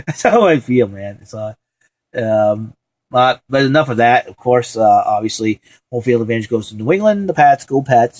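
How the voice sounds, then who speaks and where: A man's voice: medium pitch, expressive, moderate pace, a little mellow, dry recording, rough recording. Rambling man hosting a casual vlog. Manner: rambling, many fillers, enthusiastic. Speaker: show host. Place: at home.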